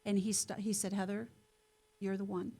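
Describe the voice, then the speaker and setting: Animated woman telling a story. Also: moderate pace, creaky. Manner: animated, acts out quoted voices with rising pitch. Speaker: podcast guest, company CEO. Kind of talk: storytelling interview.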